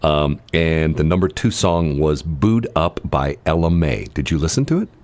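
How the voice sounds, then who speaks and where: Deep-voiced man rambling on morning radio. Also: animated, moderate pace, darkish tone. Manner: rambling, many fillers and restarts. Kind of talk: casual radio banter. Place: radio studio. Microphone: studio microphone.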